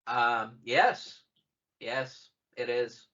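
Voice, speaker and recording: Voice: medium pitch, drawn-out words, fairly bright tone. A podcast co-host in their thirties chatting casually, rambling, joking and swearing freely. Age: 30s. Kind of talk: casual chat. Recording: dull lo-fi podcast audio.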